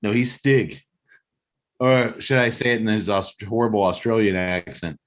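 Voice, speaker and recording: A man's voice: on the low side, unhurried. A man hosting a casual talk show, rambling and joking as he recaps a movie plot. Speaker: podcast host.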